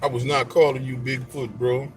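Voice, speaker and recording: A man's voice: medium pitch, flat delivery, moderate pace. A man in casual live-stream chat, trash-talking viewers and telling stories in loose slang.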